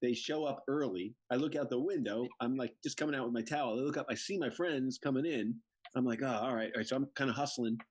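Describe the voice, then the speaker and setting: A man's voice: medium pitch, fast, breathy edge. A man from Connecticut telling funny family stories on a video call, full of quoted voices. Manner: animated anecdotes, playful mother impressions. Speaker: comedian.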